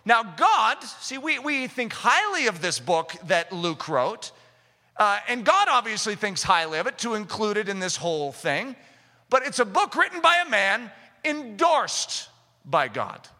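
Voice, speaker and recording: A man preaching a sermon with fervor, rising to shouts for emphasis. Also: high voice, sing-song, unhurried. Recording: echoey hall reverb.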